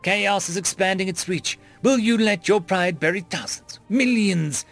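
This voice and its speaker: A fierce winged female spirit of vengeance, as a man puts her on, commanding and scornful. Her voice sits fairly high and swings widely, with a gravelly edge underneath. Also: lively intonation, a little slow, soft background music, full character voice.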